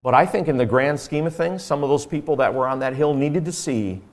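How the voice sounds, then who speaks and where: A man's voice: on the high side, fairly quick. A man preaching a sermon, telling a personal story in an earnest, conversational way with frequent fillers.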